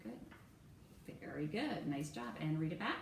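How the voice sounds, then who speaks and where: A woman's voice: deep voice, big pitch swings, gravelly. Patient woman teacher in an echoey room. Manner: patient, encouraging, spells words out slowly. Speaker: reading teacher. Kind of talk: one-on-one phonics lesson. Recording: echoey room, far from mic, faint hum.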